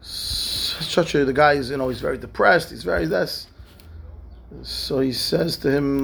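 A man's voice: a little high, a little slow, creaky, a bit bright. A man, a rabbi, telling a story in a lesson and acting out the characters' lines in raised voices. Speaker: rabbi teaching a class.

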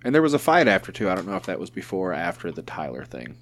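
A man's voice: sits low, wildly swooping pitch, very fast, a little hiss or hum. A man hosting a podcast in casual chat, joking around and swearing freely. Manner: profane, joking banter. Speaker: podcast host.

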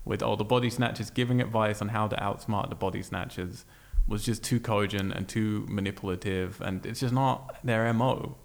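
A man's voice: on the low side, fairly even intonation, moderate pace, creaky, few pauses. A man co-hosting a casual movie podcast, laid-back and wry as he recaps scenes. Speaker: podcast co-host.

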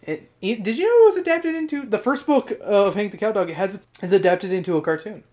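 A man's voice: high-pitched, lively intonation, a little fast, mellow. A man hosting a podcast in casual chat, rambling and swearing often, with frequent laughs. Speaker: podcast host.

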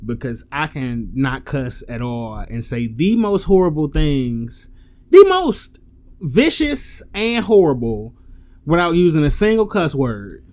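A man with a somewhat raised pitch, talking in an easygoing chat. He is blunt and firm and breaks into laughter often. He speaks as someone who works in a hardware store. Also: very animated, takes it slowly, a little mellow. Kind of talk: casual chat.

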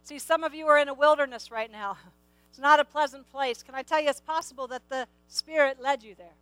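A woman's voice: high-pitched, fairly quick, fairly bright tone, no echo, low-quality recording. A middle-aged woman preaching a sermon, emphatic, repeating key phrases and asking the listeners questions.

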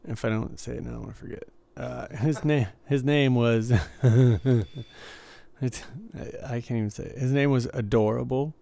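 A man's voice: mid-range voice, steady tone, moderate pace, gravelly, dark tone. A man from Detroit hosting a casual podcast, telling stories and laughing often. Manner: chatty storyteller, laughs often. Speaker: podcast host. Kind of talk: casual chat.

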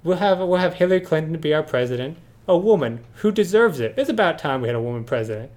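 A man co-hosting a comedy podcast, talking in a mock-earnest, deadpan ironic way. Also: fairly high pitch, fast talker. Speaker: podcast co-host. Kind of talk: sarcastic comedy podcast banter.

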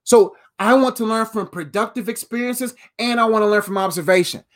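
A man in his thirties delivers a motivational talk in a fairly high voice. He drives each point home through repetition with a preacher-like cadence. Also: fairly quick, fairly bright tone. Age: 30s. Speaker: motivational speaker.

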